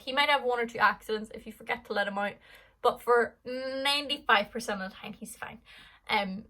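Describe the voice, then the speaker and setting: A woman's voice: fairly high pitch, pushed and bright, low-quality recording. An Irish woman in her twenties answering fan questions in a casual vlog, rambling and chatty with lots of fillers. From Ireland.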